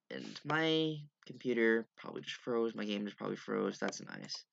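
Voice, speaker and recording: Young male gamer, rambling rant, gravelly voice, dull lo-fi mic. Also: medium pitch, moderate pace, hardly any pauses, fairly bright tone, slight background noise. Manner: rambling, profane, exasperated. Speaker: gaming YouTuber. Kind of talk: casual rant over gameplay.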